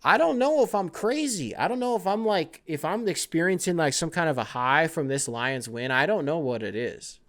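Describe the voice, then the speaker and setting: Animated, rambling male sports podcaster. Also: fairly high pitch, moderate pace, few pauses. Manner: rambling, animated, profane, jumping between topics. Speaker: podcast host. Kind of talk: casual sports podcast chat.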